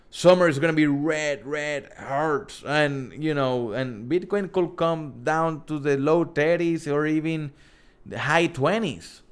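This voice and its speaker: A man with a thick Spanish accent hosts a casual live stream, reading viewers' questions aloud and answering off the cuff. His voice sits a little high for a man, and he rambles, restarting and correcting himself as he goes. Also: measured pace. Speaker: host.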